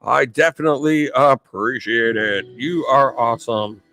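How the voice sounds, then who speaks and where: A man's voice: mid-range voice, unhurried, sharp tone, soft background music. A man hosting a live stream, chatting in an upbeat way and thanking viewers. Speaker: livestream host.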